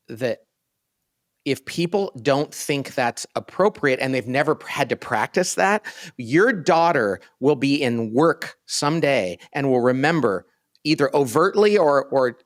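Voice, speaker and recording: Earnest middle-aged male guest. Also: mid-range voice. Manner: earnest, thinking aloud, with frequent restarts. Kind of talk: casual interview conversation.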